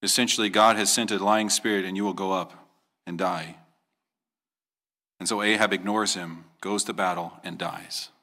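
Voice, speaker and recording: A man's voice: low-pitched, steady tone, moderate pace, bright, forceful tone. A man preaching an earnest sermon as a pastor, rising to emphatic questions and acting out quoted voices as he tells the story.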